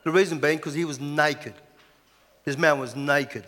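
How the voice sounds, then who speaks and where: A man's voice: on the high side, fairly even intonation, a little slow, pushed and bright. A man preaching a sermon as pastor, chatty, with lots of rhetorical questions. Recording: echoey hall.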